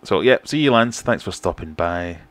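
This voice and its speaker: A middle-aged British man hosting a relaxed livestream, chatting and reading out viewer comments in a self-deprecating way. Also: deep voice, normal speed. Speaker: fishkeeping livestream host. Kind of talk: casual livestream chat.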